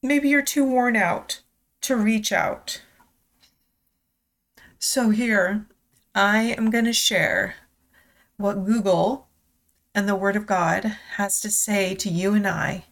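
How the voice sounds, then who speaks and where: Slow, tender woman devotional host. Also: mid-range voice, gravelly. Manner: slow, tender and confessional, near tears. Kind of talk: personal devotional reflection and scripture reading.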